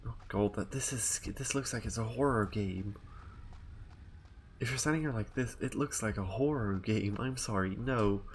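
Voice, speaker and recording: A man's voice: on the low side, normal speed, a little hiss or hum. A young man chatting casually while streaming a game, rambling and thinking aloud with lots of fillers.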